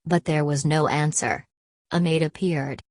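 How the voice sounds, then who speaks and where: A woman narrating an audiobook of a classic novel in a steady, measured reading. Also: low-pitched, no echo. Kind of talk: scripted narration.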